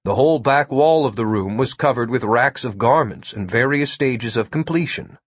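A man narrating an audiobook in an expressive, wry storytelling manner. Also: medium pitch, moderate pace, slightly rough, no room sound, studio quality.

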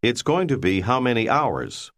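A man narrating a language course, giving measured, explanatory prompts. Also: medium pitch, sing-song, fairly bright tone. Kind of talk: scripted instructional narration.

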